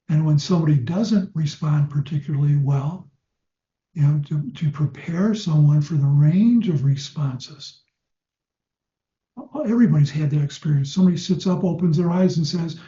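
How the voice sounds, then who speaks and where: A man's voice: fairly high pitch, warm tone. Older man lecturing, roomy dull sound. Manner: conversational, anecdotal, slows for demonstration suggestions. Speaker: clinical hypnosis teacher. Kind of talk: lecture to trainees.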